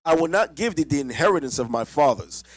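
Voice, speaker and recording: Guy reading bible verses, slightly high voice, dry close sound. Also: fast talker, dry recording, rough recording. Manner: steady, formal reading. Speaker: scripture reader.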